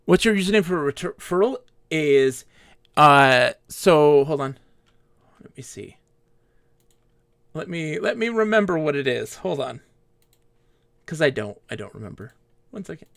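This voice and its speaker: A man live-streaming a game, chatting casually with viewers and telling animated stories. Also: on the high side, unhurried, vocal fry, long pauses, no echo, clean studio sound. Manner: animated storytelling, acts out quoted players. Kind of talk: casual live-stream chat while gaming.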